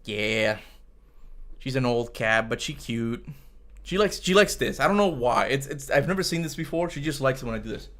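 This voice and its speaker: A gaming streamer, out of breath, chats playfully during a casual livestream at his home desk, lapsing into baby talk with his cat. His mid-range voice is expressive and a bit bright at a normal speed, recorded through a desk mic.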